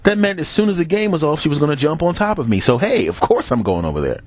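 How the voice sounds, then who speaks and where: A man's voice: on the high side, quick pace, no room sound. A middle-aged man hosting a podcast, telling comic stories casually and acting out the voices of the people in them. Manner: animated, acts out quoted voices, laughs between bits. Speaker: podcast host. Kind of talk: casual comic storytelling monologue.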